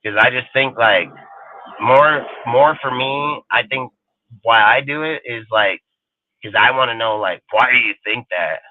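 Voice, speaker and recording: A man's voice: medium pitch, unhurried, no echo. Profane rambling man on a tinny line. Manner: animated, rambling, swears constantly. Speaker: sports show host. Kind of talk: casual profane rant. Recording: tinny phone-like line, dry.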